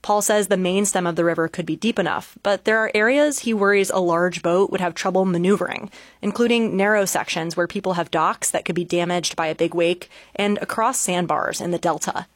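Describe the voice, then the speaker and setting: A man reading a scripted radio news report in a measured, even way from a studio. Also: high voice, no echo. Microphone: studio microphone.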